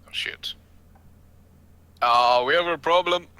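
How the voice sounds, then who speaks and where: A man's voice: a little high, slow pace, sharp tone, smooth. A young man playing in a tabletop game, talking casually and flippantly with jokes. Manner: flippant, joking. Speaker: player. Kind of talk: casual in-character game chat.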